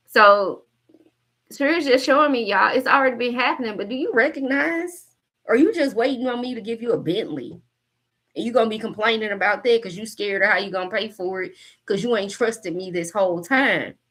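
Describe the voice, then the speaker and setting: A woman's voice: a little high, a little fast, fairly bright tone. Blunt, joking woman giving a tarot reading. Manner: blunt, profane and joking, laughs often. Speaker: tarot reader and coach. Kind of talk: casual spiritual reading to camera.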